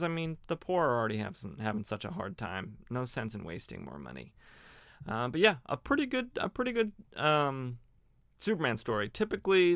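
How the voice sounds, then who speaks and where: A man's voice: on the low side, a bit bright, clean tone, dry recording, clean studio sound. A young man casually recapping old comic stories as a podcast host, rambling with frequent fillers and restarts.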